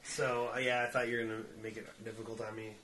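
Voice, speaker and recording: A man co-hosting a podcast, telling a story in casual, profane chat and acting out the quotes in high voices. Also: flat delivery, fast, crowd noise.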